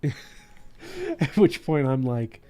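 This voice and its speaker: A man hosting a Let's Play, chatting and telling stories in a laughing, animated way. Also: a little high, drawn-out words. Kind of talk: casual gaming commentary.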